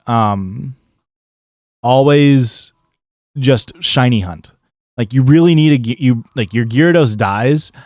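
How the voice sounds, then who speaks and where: A man's voice: mid-range voice, darkish tone, no room sound, studio quality. A young man with a Midwestern accent casually talking through a game stream, rambling with lots of fillers and restarts. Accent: Midwestern American. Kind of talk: casual gameplay commentary.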